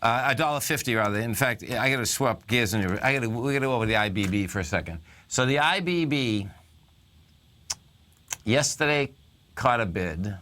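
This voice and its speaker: A man's voice: medium pitch, animated, normal speed, pushed and bright. A male talk radio host giving casual, rambling stock market commentary.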